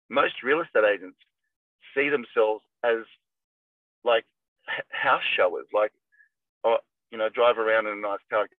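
A man's voice: medium pitch, no echo. A middle-aged man, a real estate agent, talking casually and energetically, acting out phone calls as he coaches. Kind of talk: casual podcast talk. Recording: tinny phone-like line, dry.

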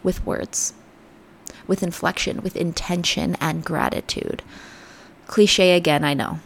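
A woman hosting a podcast, giving an earnest, reflective motivational talk that sometimes drops to soft near-whispers. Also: on the low side, fairly even intonation, slow pace, gravelly, a little hiss or hum. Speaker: podcast host. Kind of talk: motivational self-help talk.

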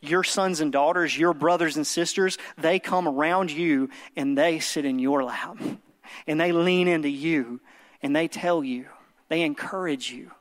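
A man in his thirties, his voice a little high and a little slow, preaches an earnest sermon to his congregation as a pastor, using a story to make his point. Soft music plays in the background of the church service.

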